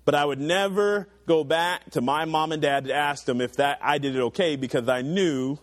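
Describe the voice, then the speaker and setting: Speaking at a moderate pace over a dry recording, a young man preaches to teenagers with earnest urgency, his voice mounting loud before falling to low, quiet asides.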